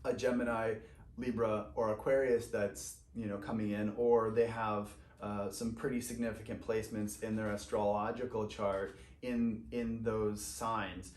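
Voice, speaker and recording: A man's voice: lowish voice, little pitch movement, measured pace, darkish tone, reverberant. A man giving an enthusiastic spiritual tarot reading, gushing over the cards, rambling with fillers and restarts. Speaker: tarot card reader.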